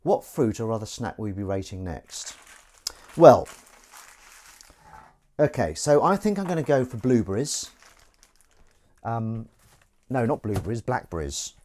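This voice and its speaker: A man's voice: on the low side, very animated, a little slow, long pauses, darkish tone. An English man hosting a live stream, chatting in a jokey, rambling way with viewers while he washes dishes. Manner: jokey, rambling, chats to viewers between tasks. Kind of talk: casual chat while washing dishes.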